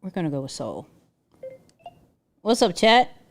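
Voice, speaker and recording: A young adult woman hosting a casual livestream, animated and exclaiming, often restarting her sentences. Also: lowish voice, measured pace. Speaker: livestream host.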